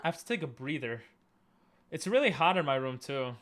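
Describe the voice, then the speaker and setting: A man with a fairly high voice commentates his gameplay live from his room. He thinks out loud in broken, restarting phrases. He laughs off his own frustration as he goes. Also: big pitch swings, a little hiss or hum. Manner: frustrated, halting self-talk with frequent restarts and laughs. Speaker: streamer.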